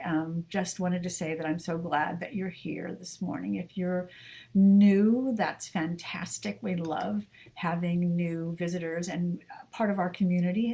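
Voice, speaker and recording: A middle-aged woman from the United States co-hosting a live book show from her home desk, chatty and warm, greeting viewers by name with many ums. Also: lowish voice, gravelly. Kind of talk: casual live-stream chat greeting viewers.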